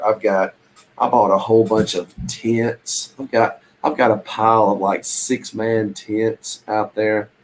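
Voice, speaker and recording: A man's voice: lowish voice, slight background noise, rough recording. A man chatting casually on a live stream about reselling, rambling in a folksy way with lots of ums and restarts. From Southern United States.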